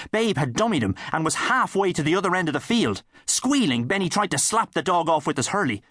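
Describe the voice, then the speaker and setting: A man with an Irish accent narrating a children's audiobook in a wry, lively way. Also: mid-range voice, no room sound, clean studio sound.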